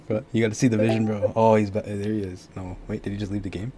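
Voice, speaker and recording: Young male streamer, lowish voice, relaxed slangy banter, faint background hiss. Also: a little fast. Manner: laid-back banter with slang and swearing. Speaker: streamer host. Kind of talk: casual gaming chat.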